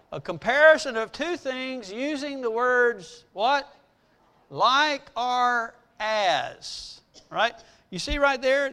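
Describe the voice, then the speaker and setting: A man giving devotional Bible teaching, asking the listeners questions, answering them himself, and slowing down to read verses with emphasis. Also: extremely high pitch, a bit bright. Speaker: preacher.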